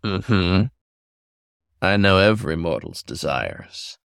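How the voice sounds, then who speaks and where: A man voicing a teasing, confident male incubus demon in an audio story, speaking slowly and low in a seductive purr. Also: wildly swooping pitch, vocal fry, fairly bright tone, no echo, studio quality, full character voice. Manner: slow, low, seductive purring.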